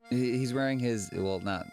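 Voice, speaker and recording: A man playing in a tabletop game, speaking haltingly with many pauses and throwing in dry jokes. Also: mid-range voice, vocal fry, a little mellow, soft background music. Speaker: player. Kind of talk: casual chat in a tabletop game.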